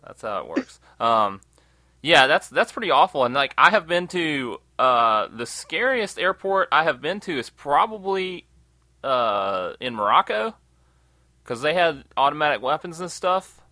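Casual male co-host, bright, slightly high voice, dry close sound, swears a lot while ranting. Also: unhurried, dry recording. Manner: animated storyteller, swears often, acts out quotes. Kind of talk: casual profane chat.

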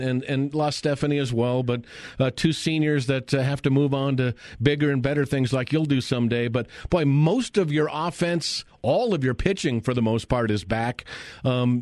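Male studio host, easygoing sports chat, middle pitch, dry close mic. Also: a little mellow, dry recording. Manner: chatty, folksy, filler-heavy. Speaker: radio sports show host. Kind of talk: live radio sports talk. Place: radio studio.

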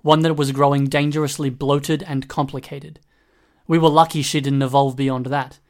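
A man voicing a cold, calculating male hacker who speaks in a flat, dismissive way in an audiobook reading. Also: medium pitch, normal speed, natural voice.

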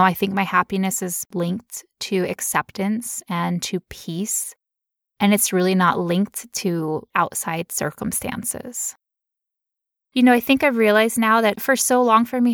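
A woman's voice: medium pitch, unhurried, fairly bright tone, no echo, studio quality. A woman telling a personal story in casual chat, candid and emotional, now and then putting on playful voices.

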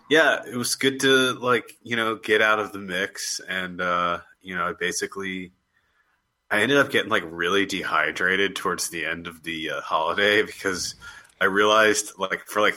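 A man's voice: sits low, sharp tone. A man co-hosting a podcast, chatting in a laid-back way with lots of fillers. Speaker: podcast co-host. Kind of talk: casual podcast chat.

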